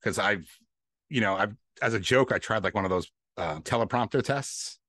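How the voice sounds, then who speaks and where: A man's voice: on the low side, normal speed, a bit bright, dry recording, studio quality. A man chatting casually on a podcast, laid-back, swearing and laughing often. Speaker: podcast host.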